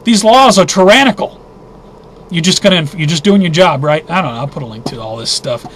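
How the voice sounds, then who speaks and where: Male host, high voice, agitated news roundup, faint hiss behind. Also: lively intonation, a little fast. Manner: agitated, indignant, thinking aloud with restarts. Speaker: host of a weekly news briefing. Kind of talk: casual news roundup commentary.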